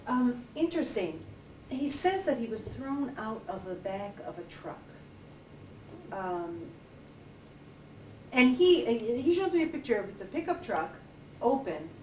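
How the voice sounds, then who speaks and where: Distant woman in a gentle consultation. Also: fairly high pitch, big pitch swings, a little slow, pauses often. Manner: gentle, hesitant, relays animal thoughts with many fillers. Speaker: animal communicator. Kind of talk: relaxed consultation talk. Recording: distant, roomy, noisy field recording.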